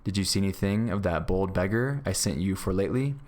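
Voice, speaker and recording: A confident outlaw chief from an old storybook who teases his men with a wry manner, as a man reads him aloud. The voice is low and relaxed. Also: brisk. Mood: teasing. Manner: wry, teasing. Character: Robin Hood, confident male outlaw leader, wry and teasing.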